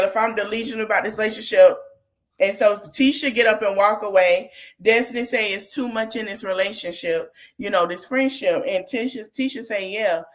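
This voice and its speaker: A woman's voice: medium pitch, a bit bright. A woman hosting a podcast, retelling a reality-show argument in casual chat and quoting each person in turn. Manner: retells a scene in quotes, chatty and candid. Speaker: podcast host recapping reality TV. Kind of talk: casual recap monologue.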